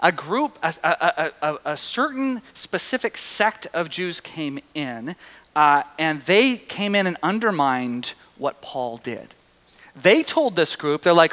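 A male pastor with a high, bright voice delivers an animated sermon. He swings from hushed asides to loud, excited bursts, and the long reverb of a hall trails every phrase. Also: takes it slowly.

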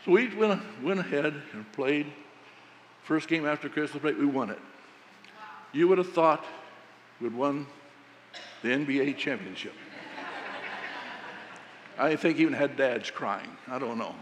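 A man preaching a sermon, telling a folksy story about coaching and quoting himself with animated emphasis. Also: fairly high pitch, measured pace, long pauses, big-room sound, a little hiss or hum.

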